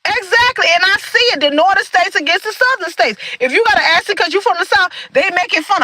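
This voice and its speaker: A woman's voice: very high-pitched, animated, brisk, few pauses, bright, forceful tone, no room sound, poor audio. A woman from Michigan hosting a livestream, talking casually and earnestly, preaching a little and greeting viewers in the chat. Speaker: livestream host.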